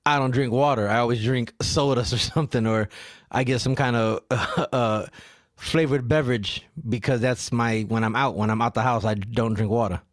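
A man's voice: medium pitch, moderate pace, no room sound, studio quality. A man hosting a casual podcast, swearing freely, laughing often and getting worked up as he chats with his co-host. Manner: profane, animated, laughs often.

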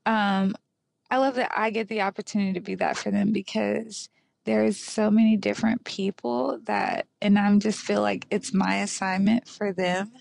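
A woman's voice: medium pitch, little pitch movement, moderate pace, gravelly, darkish tone, dry recording. A woman in her thirties, a podcast guest, chatting openly with frequent restarts and laughter. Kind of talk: casual chat.

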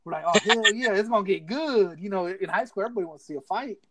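A man's voice: sits high, animated, fast, noisy background. A man casually telling a rowdy story to friends, laughing often and acting out what others said. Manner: laughs through his story, acts out friends' lines.

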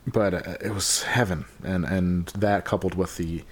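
A young man co-hosting a podcast in casual chat, sounding subdued and sluggish and talking haltingly with many fillers. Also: deep voice, fairly even intonation, slightly rough. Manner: halting, full of fillers and restarts. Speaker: podcast co-host.

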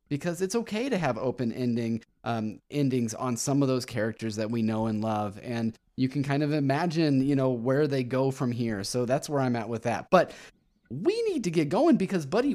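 Man, podcast co-host, casual chat, enthusiastic, rambling, mid-pitched voice. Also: darkish tone. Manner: enthusiastic, rambling with restarts, reads quotes aloud.

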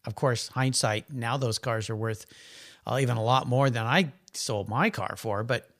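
Middle-aged male guest, animated storyteller, mid-range voice. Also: medium pitch, normal speed. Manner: animated, chatty, rambling anecdotes. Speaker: guest, car enthusiast. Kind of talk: casual conversational storytelling.

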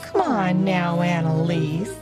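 A woman's voice: lowish voice, lively intonation, slow pace. A woman voicing a jolly, persuasive male pumpkin trickster who coaxes and sings in a storybook tale. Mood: coaxing. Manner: coaxing, sing-song. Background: music.

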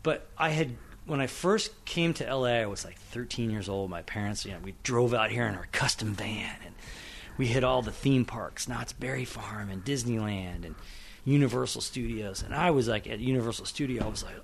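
A man's voice: medium pitch, normal speed, vocal fry, slight background noise. A middle-aged man from Oklahoma, a screenwriter and director, chatting casually in an interview and acting out the people he quotes. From Oklahoma, USA. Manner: animated storyteller, acts out quotes, laughs often.

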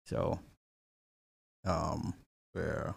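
A man's voice: very deep voice, flat delivery, very slow, creaky, slightly rough, no room sound, studio quality. A man hosting a casual live podcast, rambling through movie box office talk and answering chat comments with frequent restarts.

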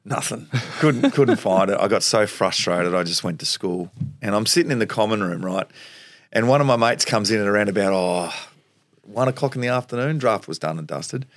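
A middle-aged man from Tasmania with an Australian accent, telling animated stories as a podcast guest, acting out quoted voices and laughing often. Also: lowish voice, brisk, dry recording, clean studio sound. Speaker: guest, former footballer. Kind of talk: storytelling interview.

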